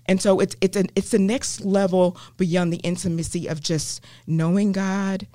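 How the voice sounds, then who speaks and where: A woman with a Southern US accent, a guest teaching the Bible in an interview, earnest and animated with many ums and restarts. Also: medium pitch, normal speed, few pauses, no room sound, clean studio sound. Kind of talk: faith podcast interview.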